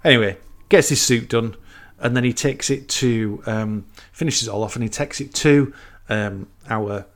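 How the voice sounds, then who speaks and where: A man's voice: mid-range voice, moderate pace. A man retelling a film plot in casual chat, rambling and acting out the characters' lines. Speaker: podcast co-host.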